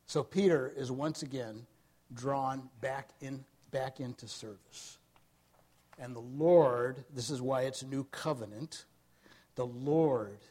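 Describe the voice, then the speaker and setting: Middle-aged male preacher, mid-pitched, storytelling sermon that swells loud and sinks low. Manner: storytelling, rising to loud emphasis then dropping low.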